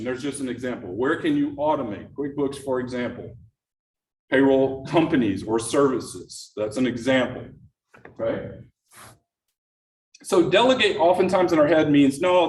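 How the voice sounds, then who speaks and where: A middle-aged man presents an interactive productivity workshop to a live audience in a meeting room, frequently asking the room questions. His voice is fairly high with a darkish tone, picked up by a distant mic in an echoey space with faint noise.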